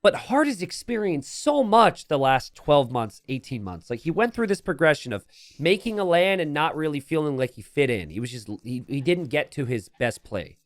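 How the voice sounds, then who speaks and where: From his home streaming setup, a man calls a competitive match live, his sing-song pitch leaping up and down at a normal speed. Between calls of the game he rambles into jokey, self-deprecating asides, mixing commentary with casual chat. The recording is dry and studio quality.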